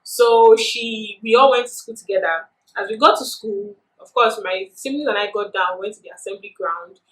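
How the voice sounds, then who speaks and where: A woman's voice: mid-range voice, normal speed. Chatty woman vlogger, echoey room. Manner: chatty, animated retelling with many fillers. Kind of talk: casual storytime.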